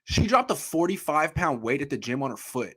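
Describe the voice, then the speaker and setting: Male sports podcast host, quick and bright, casual delivery. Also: fairly high pitch, sing-song, husky. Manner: quick, casual, reads viewer comments aloud.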